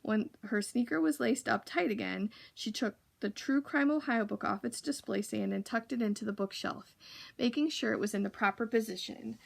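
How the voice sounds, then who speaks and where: A woman reads a children's novel aloud for a library, in a steady, even manner with now and then a slip and restart. Her voice has a light gravelly fry. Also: mid-range voice. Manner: steady, occasional slips and restarts. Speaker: library reader.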